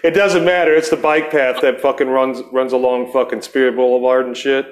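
A man's voice: mid-range voice, level tone, brisk, slight background noise. Profane, rambling middle-aged man. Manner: profane, rambling, acts out quoted voices. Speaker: podcast host. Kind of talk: casual storytelling chat.

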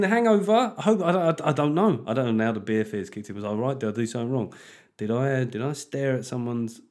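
A man talks through his podcast in a loose comic monologue. He swears freely and rambles from one thought to the next. His pitch sits in the middle of the range. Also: a little mellow. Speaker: podcast host.

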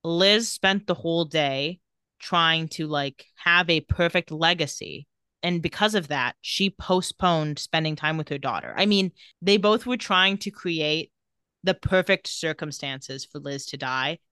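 A woman co-hosting a casual podcast, walking through the scenes of an episode and reading out the characters' lines as she goes. Her voice is bright and forceful, set a little low for a woman, and it sounds dry and close to the mic. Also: a little slow, smooth, dry recording. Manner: animated retelling with quoted dialogue. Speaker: podcast co-host recapping a TV episode. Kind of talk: casual chat, retelling scenes.

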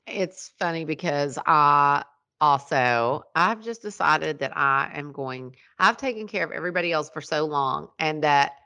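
A woman's voice: low voice, lively intonation, measured pace, pushed and bright, clear, resonant tone. An older woman co-hosting a podcast, chatty and laughing easily in casual conversation. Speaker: podcast co-host. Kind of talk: casual chat.

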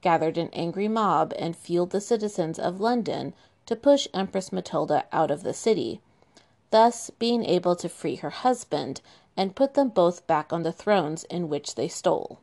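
A woman's voice: fairly low pitch, expressive, moderate pace, darkish tone. A woman telling medieval history in an irreverent, sarcastic way, with profane asides. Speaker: history podcast host.

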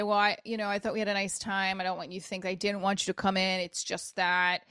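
A woman's voice: medium pitch, steady tone, a little fast, hardly any pauses, a bit bright, clean tone. A woman of forty hosting her own podcast, talking casually and candidly, swearing freely and jumping from one topic to the next. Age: 40s. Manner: candid, profane, jumps between topics. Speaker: podcast host. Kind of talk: casual solo podcast chat.

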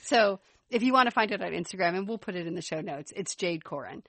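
A woman's voice: fairly low pitch, expressive, quick pace, fairly bright tone, no room sound. A woman co-hosting a podcast, chatting enthusiastically and laughing as she talks. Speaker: podcast co-host. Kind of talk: casual chat.

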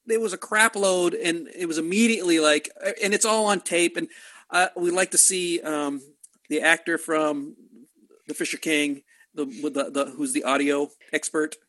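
A man's voice: a little high, fairly even intonation, normal speed, bright, forceful tone. A man co-hosting a casual movie podcast, making exasperated, sarcastic complaints. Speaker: podcast co-host. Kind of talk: casual movie-review chat.

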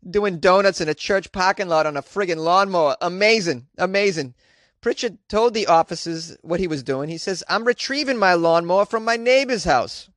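A brash, blustery guy with a thick Boston accent, as a news host puts him on, barrels through a story about a drunk driver with loud, exaggerated emphasis. His slightly high voice comes through a dry, close mic. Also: no room sound.

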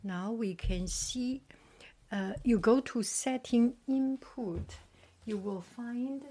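A woman vlogger chatting casually as she tests a microphone plugged into her laptop, often dropping to a soft whisper. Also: on the high side, slow. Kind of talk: casual demonstration. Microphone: small microphone plugged into a laptop.

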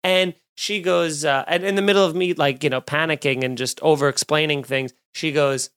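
A male comedian and podcast host telling a story in a casual monologue, animated and swearing, acting out the people he quotes. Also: on the high side, moderate pace, hardly any pauses, clear, resonant tone.

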